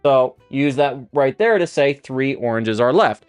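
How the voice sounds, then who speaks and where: A man's voice: medium pitch, lively intonation, measured pace, clean tone, no room sound, faint music behind. A man teaching Spanish on a livestream, chatty and loose, with many restarts and fillers. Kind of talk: casual livestream lesson.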